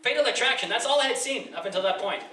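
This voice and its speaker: A man in his thirties from Chile doing live stand-up, rambling casually with lots of "like" fillers and profanity, and he jumps into loud high voices to act out scenes. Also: lively intonation, fast talker. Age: 30s. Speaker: stand-up comedian. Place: comedy club with a live audience. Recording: echoey club from far off, loud noise.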